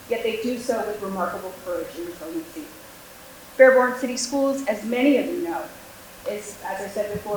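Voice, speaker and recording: A middle-aged woman giving a prepared address at a school board meeting, projecting her voice like a teacher. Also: mid-range voice. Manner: projecting teacher voice without a microphone. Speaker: military school liaison. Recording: very echoey room, faint hiss.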